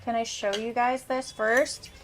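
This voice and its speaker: A woman's voice: fairly high pitch, steady tone, a little slow, a bit bright, slight background noise, poor audio. Casual, enthusiastic cooking host; woman in her thirties tasting and describing food. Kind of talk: casual cooking show chat.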